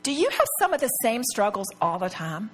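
Middle-aged woman, Bible study teacher, fairly high voice, earnest, confiding, asks the group rhetorical questions. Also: sing-song, brisk, slightly rough. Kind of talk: personal teaching talk to a group.

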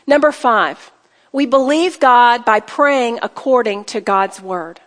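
A woman giving earnest, emphatic Bible teaching to a women's gathering, rising to fervent declarations. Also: fairly high pitch. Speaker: women's retreat speaker. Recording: reverberant hall recording.

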